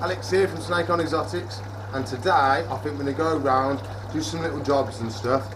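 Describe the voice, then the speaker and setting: A man's voice: on the high side, steady tone, brisk, noisy background. A man running a reptile shop, chatting casually on camera and talking to his animals. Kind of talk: casual vlog chat.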